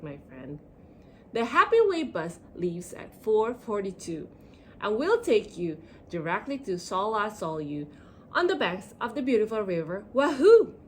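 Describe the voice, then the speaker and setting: A woman voicing a male storybook stranger who gives directions in a low, reassuring murmur. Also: slight background noise.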